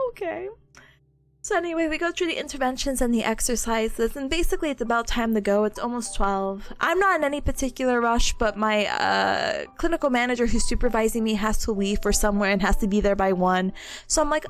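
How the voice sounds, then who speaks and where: A woman's voice: fairly high pitch, fairly quick. A young woman streamer chatting casually, telling a story with lots of laughter and acted-out quotes. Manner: animated storytelling, frequent laughs, acts out quotes. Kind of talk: casual chat.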